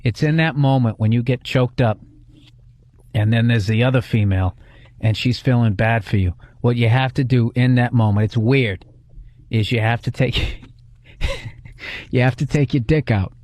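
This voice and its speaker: A man's voice: medium pitch, moderate pace, long pauses, a little mellow, no room sound. A man co-hosting a podcast, rambling through crude, brash stories in casual chat at a studio mic. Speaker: podcast co-host.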